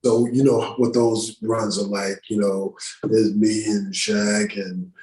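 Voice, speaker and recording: A man's voice: fairly low pitch, flat delivery, takes it slowly, darkish tone, reverberant, slight background noise, low-quality recording. A middle-aged man who works as an actor, telling stories on a podcast in a casual, profane, slang-heavy way. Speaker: actor guest. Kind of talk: casual storytelling interview. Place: podcast studio room.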